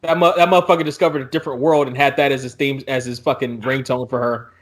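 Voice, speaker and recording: A man co-hosting a podcast, telling profane jokes in animated, casual chat. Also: medium pitch, fast. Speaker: podcast co-host.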